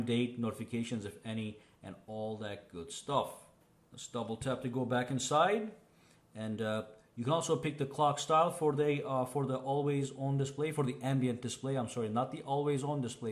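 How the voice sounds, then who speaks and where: A man giving a casual, step-by-step phone settings tutorial, talking the viewer through each menu with fillers and frequent "okay?" checks. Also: medium pitch. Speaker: tech reviewer.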